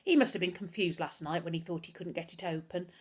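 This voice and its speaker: A woman, a teacher, reading a children's book aloud with expressive storytelling. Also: fairly low pitch, fast, breathy edge.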